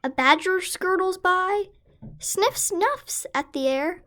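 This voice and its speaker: A woman's voice: very high voice, animated, slow pace, fairly bright tone. A woman reading a children's picture book aloud in a sing-song, rhyming delivery. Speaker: storyteller.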